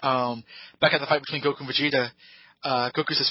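A man's voice: mid-range voice, steady tone, fast, no echo, highs cut off. A man hosting a podcast, casually recapping an episode with rambling, hesitant storytelling and put-on voices for the characters. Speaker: podcast host. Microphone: podcast microphone.

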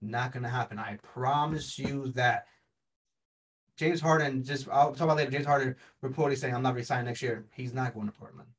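Casting: male sports talk co-host, mid-pitched, insistent, recorded a step back from the mic. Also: brisk, a bit bright, distant mic, low-quality recording. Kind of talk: casual sports debate.

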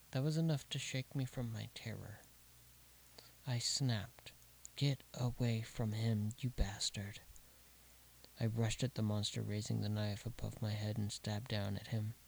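Gravelly flat-voiced male horror narrator. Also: mid-range voice, slight background noise, rough recording. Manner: slow, deliberate, dropping to a hush at grim details. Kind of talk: scripted horror story narration.

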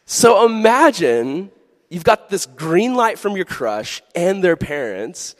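A man's voice: a little high, normal speed. Playful man preaching in an echoing hall. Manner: playful, jokey and animated, with sudden earnest drops. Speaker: pastor. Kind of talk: youth sermon.

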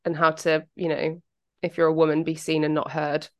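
A woman's voice: sits low, flat delivery, brisk. A woman with a British accent, co-hosting a podcast in casual chat, well-spoken and carefully enunciated, with the odd swear. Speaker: podcast co-host.

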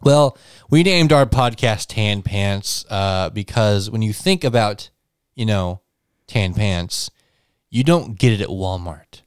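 A man's voice: fairly low pitch, expressive, takes it slowly, clear, resonant tone, no echo. A young man co-hosting a podcast in casual chat, jokey and rambling. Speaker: podcast co-host.

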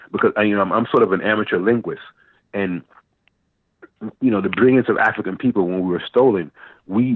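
Man, guest poet, animated storyteller, deep voice, faint music behind, tinny phone sound. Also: slightly rough, dry recording. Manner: animated storyteller, repeats words while searching. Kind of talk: storytelling interview.

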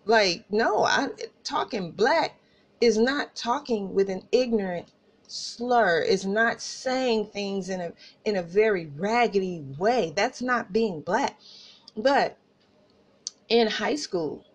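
A woman podcast host from Tulsa with an Oklahoma country accent, telling personal stories in a casual, animated way and talking straight to listeners. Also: mid-range voice, slow, husky. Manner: animated, laughing asides, addresses listeners as y'all.

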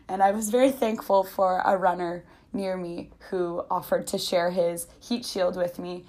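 A woman's voice: lowish voice, steady tone, measured pace, mellow. A woman hosting a podcast, telling a personal story in a chatty, reflective way with many fillers. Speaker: podcast host.

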